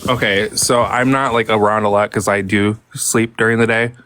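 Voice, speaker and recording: A man with a lowish voice speaks in a casual group chat, hesitating and restarting as he explains himself. The sound is dry and close, with no room around it. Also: fairly even intonation, moderate pace, fairly bright tone, dry recording. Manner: hesitant, many fillers and restarts. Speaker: participant in a group live audio chat.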